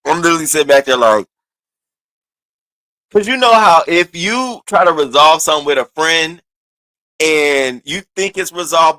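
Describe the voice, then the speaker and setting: Animated man telling a story casually. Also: a little high, no room sound. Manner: animated, restarts and stammers, swings into quoted voices. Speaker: streamer recounting online drama.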